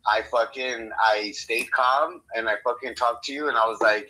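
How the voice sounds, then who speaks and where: A man's voice: mid-range voice, moderate pace, hardly any pauses, sharp tone, poor audio. A man co-hosting a podcast, telling a story in casual, rambling talk full of swearing. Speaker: podcast co-host. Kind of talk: casual conversation.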